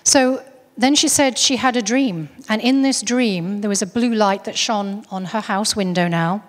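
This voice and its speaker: A woman's voice: mid-range voice, unhurried, in a large hall. A woman giving a talk, earnestly recounting a case story with frequent restarts. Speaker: speaker on UFO contactees.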